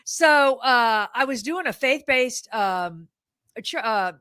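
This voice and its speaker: A woman comedian as a guest in casual chat, telling stories in an animated, self-deprecating way. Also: a little high, slow, clean tone, no room sound, studio quality.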